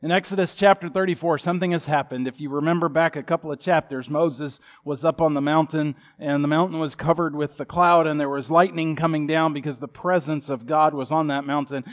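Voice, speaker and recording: A man's voice: a little high, a little fast, hardly any pauses. Folksy, joking preacher in his fifties. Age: 50s. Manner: folksy, humorous, animated storytelling. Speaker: pastor. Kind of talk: sermon.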